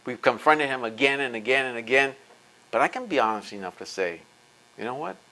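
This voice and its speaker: A man's voice: medium pitch, brisk, pushed and bright, low-quality recording. A man answering audience questions after a lecture, talking in an impassioned, emphatic way and repeating points for force. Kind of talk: impassioned Q&A talk. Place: lecture event.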